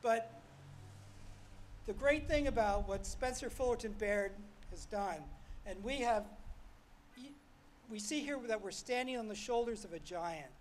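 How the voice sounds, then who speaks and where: A man's voice: high-pitched, measured pace, long pauses, slight background noise, poor audio. An older man giving a ceremony speech outdoors, telling wry, self-deprecating stories about his club. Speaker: ornithology club past president speaking at a ceremony. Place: outdoor street-corner ceremony.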